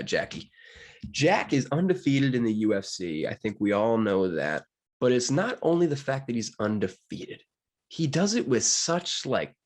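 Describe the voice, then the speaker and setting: A young man from Pennsylvania chatting casually and jokingly about fight betting picks, with big swings in his delivery. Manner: animated, jokey, wide swings in pitch. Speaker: sports betting commentator. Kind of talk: casual solo betting talk.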